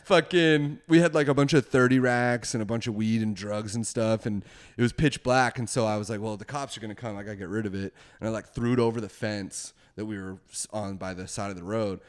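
A man's voice: on the low side, fairly even intonation, brisk, clean tone. A young man casually telling a wild story, rambling, swearing a lot and laughing often.

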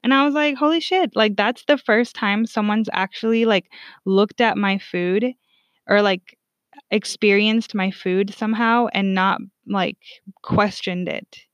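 A woman's voice: medium pitch, unhurried, no echo. A young woman telling a personal story candidly, swearing freely and leaning on "like" as a filler. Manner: frank, profane, heavy on "like" fillers. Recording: dull, lo-fi dry recording.

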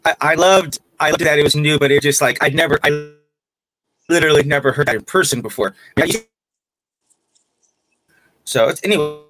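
Guy hosting a chill chat, kinda high voice, jokes around, trips on words. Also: brisk, long pauses, a bit bright, rough recording. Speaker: host. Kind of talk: casual conversation.

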